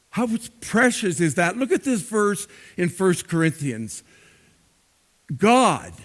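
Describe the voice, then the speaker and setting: A man preaching a sermon as pastor, slow and emphatic, repeating words for stress. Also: high voice, fairly bright tone.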